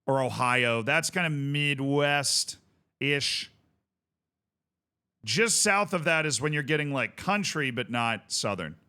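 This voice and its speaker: A man's voice: medium pitch, lively intonation, takes it slowly, bright, forceful tone, smooth. A man streaming a game, chatting casually with viewers in rambling, jokey asides. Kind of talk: casual gaming stream chat.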